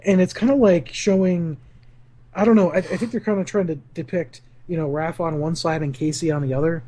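A man's voice: on the high side, steady tone, a little fast, dark tone. A man co-hosting a podcast, recapping a comic book in a laid-back, hesitant way.

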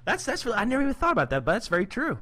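A man's voice: extremely high pitch, wildly swooping pitch, racing, pushed and bright. A man co-hosting a podcast, chatting enthusiastically about a comic book and laughing often. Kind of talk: casual chat about comics.

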